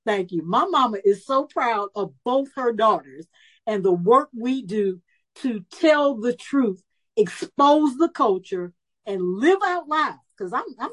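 A woman of about seventy telling a personal story at a recovery meeting, lively and animated, acting out the voices she quotes. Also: on the high side, a little slow, rough recording. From Chicago area. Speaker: speaker sharing her story at a recovery meeting.

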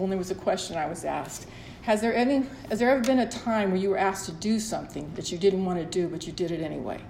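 In an echoey room with faint ambience and a bit of background noise, a middle-aged recovery meeting speaker tells her story. Her voice is mid-range and a little mellow, and she speaks candidly, rambling and restarting along the way.

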